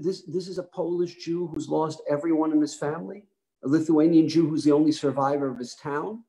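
A man, a rabbi, giving a history lecture with animated storytelling, emphatic and asking the audience questions. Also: fairly high pitch, rough recording.

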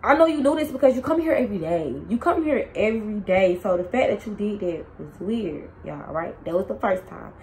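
A young woman tells a storytime in a loose, slangy way, talking right at her viewers. Her voice sits at a middle pitch. A faint hiss of background noise stays under her. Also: brisk, few pauses, poor audio. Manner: animated, slangy, addresses viewers directly. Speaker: storytime vlogger. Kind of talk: casual storytime chat.

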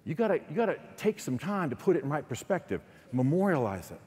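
A man with a Texan accent giving a chapel sermon, telling stories with quick asides and restarts. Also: on the high side, big pitch swings, a little mellow. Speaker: guest speaker. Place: large hall. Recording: long hall reverb.

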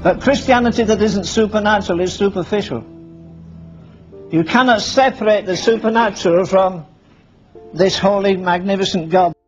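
A man's voice: high voice, normal speed. A man preaching a sermon, firing rhetorical questions at the congregation and acting out Bible scenes in dialogue. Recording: dull lo-fi sermon recording with faint music.

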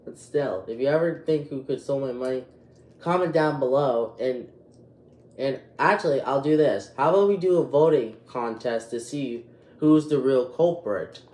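A man's voice: mid-range voice, moderate pace, a little mellow. Agitated rambling boy, echoey room. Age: 12 years old. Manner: agitated, rambling with many restarts. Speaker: youtube channel host. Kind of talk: casual vlog.

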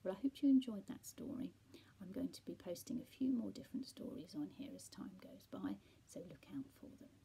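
A woman teacher reading a bedtime story aloud, with soft, half-whispered asides to children. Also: medium pitch, animated, a little fast, gravelly, poor audio.

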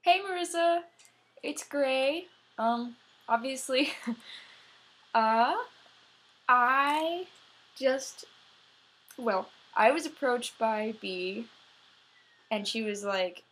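A woman's voice: high voice, lively intonation, unhurried, long pauses, a bit bright. A young woman giving a rambling, giggly birthday message to a friend in a casual way.

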